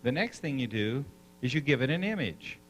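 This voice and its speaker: Animated man leading a live seminar. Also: medium pitch, moderate pace, a little hiss or hum, rough recording. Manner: animated storyteller, coaxing the crowd with questions. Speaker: seminar speaker. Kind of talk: live seminar talk to an audience.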